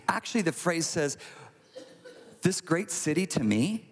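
A male pastor delivers a sermon in a lively, conversational storytelling manner, slipping into little acted asides. His voice sits a bit high for a man. The sound rings with a long reverb, like a large church hall. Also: normal speed, breathy edge.

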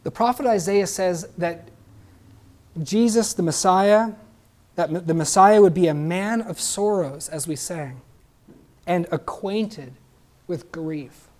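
A man's voice: sits high, takes it slowly, pauses often, darkish tone. A male preacher delivering a sermon in an easy, conversational manner. He is earnest, stumbles over a word now and then, and keeps checking in with a questioning "right?".

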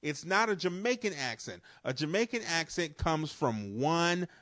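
A podcast co-host from the New Orleans area, a man living in a port city, chats casually, laughing often, restarting sentences, and swearing offhandedly. His voice is fairly high and a bit bright with wide pitch swings at a moderate pace, captured in a clean, dry studio recording.

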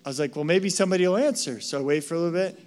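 A man's voice: on the high side, racing, darkish tone. A man from the United States preaching a sermon, telling a story with lots of "right?" asides. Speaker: pastor.

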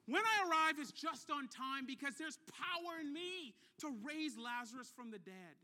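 A man preaching a sermon as a pastor in an animated way, with playful asides and words repeated for emphasis. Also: very high-pitched.

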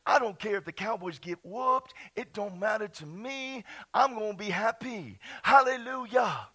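A high-voiced male pastor preaching with exuberant energy, his pitch leaping all over as he whoops and shouts out scripture. His tone is bright and forceful, and he laughs at his own jokes from the pulpit. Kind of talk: lively sermon. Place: church.

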